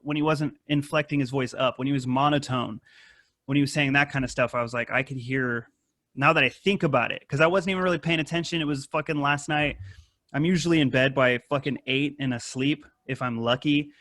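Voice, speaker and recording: Swearing podcast host, dry close voice. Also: male voice, mid-range voice, a little fast, dry recording. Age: adult with wife and kid. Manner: rambling, swears a lot, animated retellings. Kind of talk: casual profane chat.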